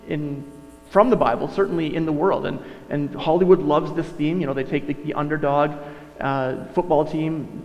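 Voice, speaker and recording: A male pastor preaching a sermon in a conversational way, often correcting himself and going off on asides. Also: fairly high pitch. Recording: dull sound, long reverb, mains hum.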